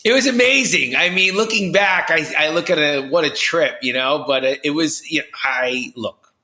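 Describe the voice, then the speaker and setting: A man from New Jersey, a podcast guest, telling his story with high energy, lots of restarts and "you know"s. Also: moderate pace, bright, forceful tone. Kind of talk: animated storytelling in conversation. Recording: roomy echo.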